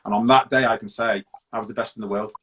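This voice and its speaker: A man's voice: lowish voice, steady tone, a bit bright, slight background noise, poor audio. A middle-aged man from Britain, a guest in an interview, telling his story openly and bluntly with many restarts. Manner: open, blunt, halting with restarts.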